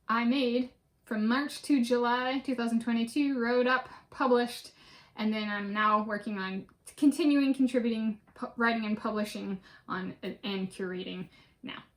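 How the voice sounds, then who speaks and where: A woman's voice: on the high side, fairly bright tone. A woman vlogger talking casually and methodically through a list, with many fillers and restarts. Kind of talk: casual spoken list walkthrough.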